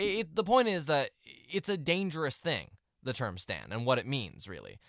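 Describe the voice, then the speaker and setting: A man's voice: fairly high pitch, fairly bright tone, no room sound. Young guy venting on his vlog, annoyed, rambly, dry little room sound. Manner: exasperated, rambling with restarts and mumbled asides. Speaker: vlogger. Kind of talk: ranting to camera.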